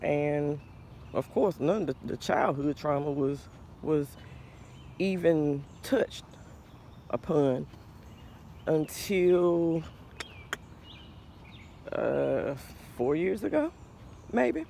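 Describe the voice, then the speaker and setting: A man in his forties hosting a podcast, talking slowly and earnestly about faith and mental health, a little out of breath. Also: on the high side, expressive, vocal fry, mellow, slight background noise. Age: 40s. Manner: slow, thoughtful, earnest, with pauses and restarts. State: slightly out of breath. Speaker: podcast host. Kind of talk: reflective faith-based mental health talk.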